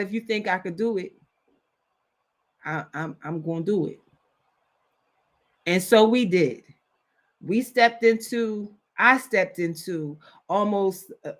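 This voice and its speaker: A woman's voice: mid-range voice, a bit bright. A woman giving an impassioned wellness talk in a preachy, urgent way, driving her points home through repetition. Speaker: wellness speaker.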